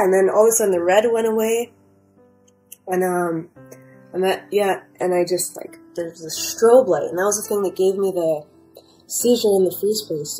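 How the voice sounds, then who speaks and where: A woman's voice: on the low side, dark tone, low-quality recording. A young woman telling her own story in a casual, rambling way, full of fillers and restarts, at home. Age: young adult. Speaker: storyteller sharing a near-death experience. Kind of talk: casual first-person testimony.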